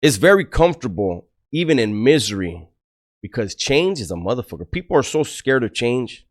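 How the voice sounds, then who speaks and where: A man's voice: mid-range voice, sing-song, normal speed. A middle-aged man, a former prisoner, giving blunt life advice and rambling prison stories to the camera, swearing freely. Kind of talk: casual storytelling to camera.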